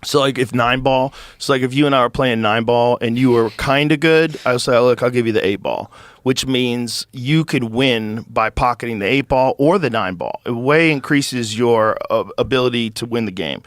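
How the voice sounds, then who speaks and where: A man hosting a podcast talks in a loose, profane, storytelling way at a middle pitch. He acts out the voices of the people in his stories. The sound is dry and close, with no room echo. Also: normal speed, hardly any pauses. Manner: profane, animated storyteller who acts out quotes. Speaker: podcast host. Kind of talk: casual storytelling chat.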